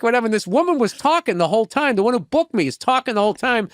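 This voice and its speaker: Racing along in an extremely high voice with lively intonation, a stand-up comedian on an interview rambles through profane stories, performing each person's voice and veering into asides. The sound is clean studio quality with no room sound.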